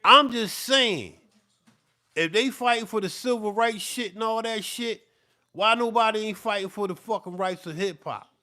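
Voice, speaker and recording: Off the cuff and to camera, a middle-aged beatmaker delivers a profane, repetitive rant, worked up and sweating. He speaks at normal speed in a high voice that sounds pushed and bright.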